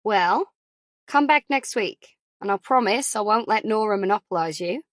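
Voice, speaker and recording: Australian accent, friendly chatty mum, brisk and bright, medium pitch, dry close sound, voiced by a woman narrator. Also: expressive, no room sound, lightly acted. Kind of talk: audiobook character voice.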